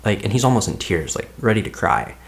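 Deep-voiced young man rambling casually. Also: sing-song, fairly quick, gravelly. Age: young adult. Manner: rambling, heavy use of "like" as filler. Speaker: podcast guest. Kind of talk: casual storytelling.

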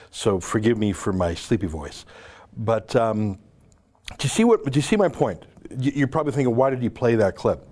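A man hosting his own show, delivering a combative, emphatic monologue full of quick asides. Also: on the low side, darkish tone. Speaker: show host. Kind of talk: opinionated monologue to camera.

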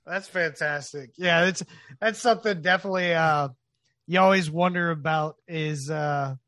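Higher-voiced man hosting a podcast. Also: bright, forceful tone, no echo. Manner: enthusiastic, quick reactions. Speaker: podcast host. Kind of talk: casual podcast chat.

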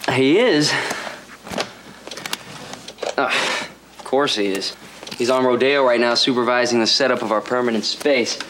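An actor playing a smooth-talking male con man posing as a businessman in a TV drama scene, sounding assured. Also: medium pitch, unhurried, long pauses, a bit bright, slight background noise, lightly acted. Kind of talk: TV drama dialogue.

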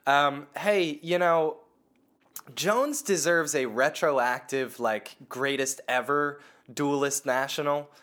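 A man's voice: on the high side, slow, a bit bright. Profane, laughing podcast co-host man. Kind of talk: casual comedic chat.

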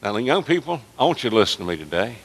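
A man preaching a sermon as pastor, impassioned and climbing toward near-shouts. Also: medium pitch, very animated, racing. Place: church sanctuary. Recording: long reverb of a church hall.

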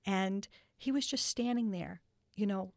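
An older woman telling stories in an interview, earnest and halting with many restarts. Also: medium pitch, creaky, no room sound, studio quality. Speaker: guest. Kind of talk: storytelling in a podcast interview.

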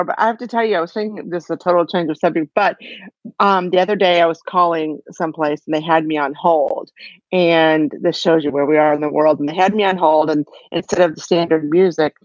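A woman co-hosting a podcast, telling a story in a chatty, animated way. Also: low voice, dry recording, highs cut off. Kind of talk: casual chat.

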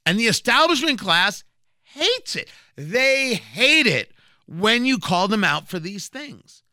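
A man's voice: high-pitched, sing-song, slow, bright, forceful tone, no room sound, clean studio sound. A man hosting a political radio show, giving combative, emphatic commentary with sarcastic asides.

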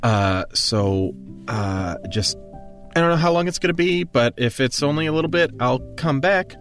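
A man playing an anxious teenage boy who rambles and apologizes over and over in halting bursts, with faint music behind. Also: medium pitch, lively intonation, a bit bright, far from the mic, close to an everyday voice. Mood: apologetic.

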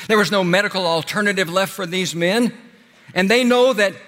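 Impassioned preacher in a reverberant hall. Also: male voice, high-pitched. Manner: impassioned, swells loud then drops soft and slow. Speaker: pastor. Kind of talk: sermon.

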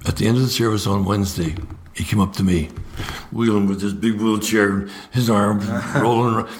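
An older man, an evangelist guest, telling stories in a podcast interview, often repeating the first word of a sentence and jumping up in pitch when he acts out what others said. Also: moderate pace. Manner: lively storyteller, swings into high voices for quotes.

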